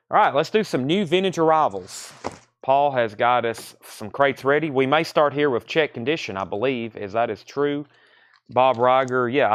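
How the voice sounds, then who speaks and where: A man hosting a live record sale, quickly calling out prices and reading buyer comments, a little out of breath. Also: mid-range voice, a bit bright, clear, resonant tone, dry recording, clean studio sound. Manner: fast, running price calls and reading comments. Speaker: record store host selling live. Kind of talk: live sales stream chat.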